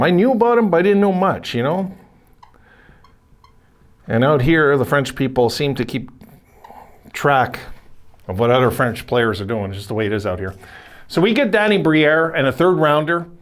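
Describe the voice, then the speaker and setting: A man hosting a casual solo video, talking in a rambling, chatty way with frequent self-corrections and asides. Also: fairly high pitch. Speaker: hockey video host.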